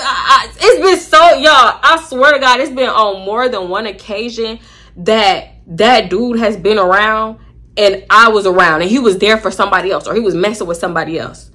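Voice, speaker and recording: A young woman casually telling a storytime to her viewers, animated and acting out what people said. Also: mid-range voice, brisk. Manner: animated, acts out quoted voices, addresses viewers as y'all.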